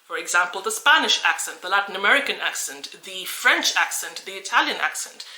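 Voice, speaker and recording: A woman's voice: medium pitch, animated, a little fast, sharp tone, roomy sound, low-quality recording. A woman from Australia who coaches English, talking earnestly and encouragingly to camera with frequent restarts. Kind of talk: talking-head video.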